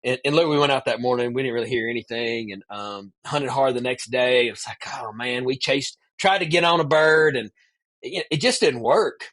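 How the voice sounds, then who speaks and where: At medium pitch and normal speed, a man appearing as a podcast guest casually spins a long story. He's an animated storyteller who scatters "man" throughout his speech.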